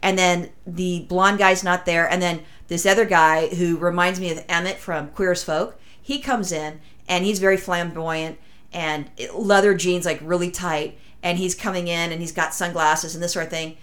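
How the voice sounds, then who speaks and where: Rambling lower-voiced woman telling a story. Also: moderate pace. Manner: rambling, animated anecdote with acted-out quotes. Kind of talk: casual storytelling chat.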